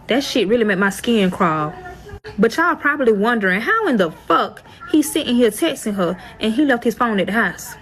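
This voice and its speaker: A woman's voice: on the high side, fairly bright tone, slight background noise, rough recording. A young woman telling a storytime in a profane, exasperated, dramatic way. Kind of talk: storytime vlog.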